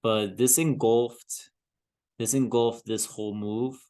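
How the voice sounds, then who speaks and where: With a dark, mid-range voice, slow pace and fairly even intonation, a man offers casual chart analysis on his crypto trading vlog. He thinks aloud hesitantly, keeps trailing off and restarting, and chuckles to himself in an easygoing manner.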